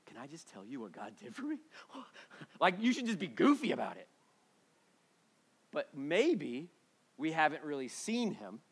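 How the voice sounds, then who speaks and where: Male pastor, slightly high voice, loose joking sermon delivery with loud and soft swings, church setting. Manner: animated, casual and joking, swings between loud and hushed.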